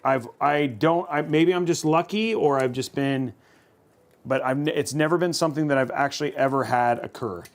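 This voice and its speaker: A man's voice: mid-range voice, normal speed. A man hosting a livestream, chatting casually and thinking aloud while building a computer. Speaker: host.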